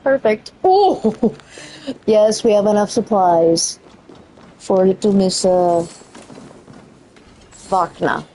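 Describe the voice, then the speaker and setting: A gaming streamer gives casual let's-play commentary, cursing freely and talking to the game's characters in an excitable way. Her voice cracks and squeaks, yet she takes things slowly, and there's slight background noise.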